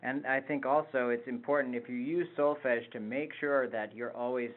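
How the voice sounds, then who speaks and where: A man's voice: mid-range voice, fairly even intonation, normal speed. A man co-presenting a choir webinar, explaining vocal exercises with some fillers. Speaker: choir director. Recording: phone-like narrow band.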